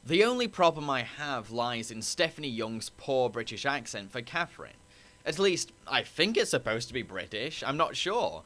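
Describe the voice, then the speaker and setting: A man's voice: mid-range voice, sing-song, moderate pace, fairly bright tone. A man narrating a scripted review, opinionated and critical. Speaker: anime reviewer.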